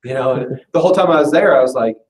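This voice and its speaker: A man giving a chatty, self-deprecating business pitch to a live audience in a meeting room, often breaking into laughs. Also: very fast, darkish tone, a little hiss or hum. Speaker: business presenter at an info session. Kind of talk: casual, joking sales pitch to a live audience. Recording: roomy echo, voice far from the mic.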